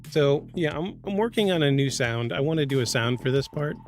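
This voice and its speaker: A man hosting a paranormal podcast, telling an improvised comedic phone-call story and acting out both sides with bursts of shouted swearing. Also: on the high side, expressive, a little fast, faint music behind. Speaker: podcast host.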